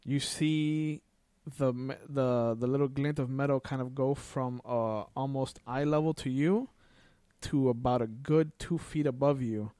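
A man narrates a tabletop role-playing session as its game master. He lays out each scene in a loose, rambling way and leans on "like" and "kinda". His voice is mellow and dry, with a middling pitch. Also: fairly even intonation, a little slow, dry recording.

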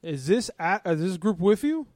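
A man takes part in a tabletop role-playing game as a player. He jokes, laughs a lot and keeps asking questions. His voice sits a little high for a man, and the sound is dry and close. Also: sing-song, normal speed, a little mellow, no room sound. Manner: jokey, laughs often, asks many questions. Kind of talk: casual tabletop game play.

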